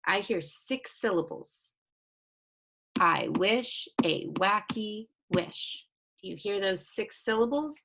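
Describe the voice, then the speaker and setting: A woman teaching young children in a recorded online lesson, speaking slowly, patiently and encouragingly as she reads sentences aloud with care. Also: mid-range voice, creaky, a bit bright. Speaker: second grade teacher.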